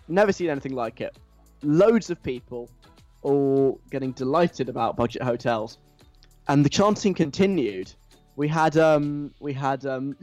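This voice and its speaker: A man's voice: medium pitch, normal speed, no room sound. A man chats on air as a radio host, rambling in a self-deprecating way. The booth is dry and close, with music playing faintly underneath. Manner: self-deprecating, rambling, animated when imitating chants. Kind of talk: casual radio chat.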